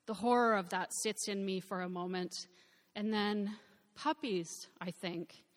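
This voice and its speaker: A woman reading a first-person novel aloud in a reflective, measured way. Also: medium pitch, steady tone, big-room sound. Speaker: narrator. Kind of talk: first-person audiobook narration.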